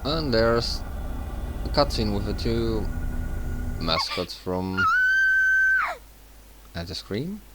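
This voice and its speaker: A woman's voice: rumbling low, big pitch swings, very slow, long pauses, heavy background noise. A woman giving casual commentary over a video game, reading its dialogue aloud and remarking on it. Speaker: let's play gamer. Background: loud game music.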